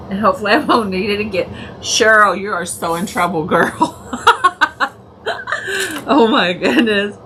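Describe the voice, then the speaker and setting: A woman hosts a home crafting stream, laughing so hard she can barely get her words out. Her voice is bright and bouncy, and she talks at an easy, unhurried pace. Faint room noise sits behind her. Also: mid-range voice. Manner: giggly, laughing through her words, chatting to viewers by name. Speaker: crafting livestream host. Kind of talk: casual live crafting chat.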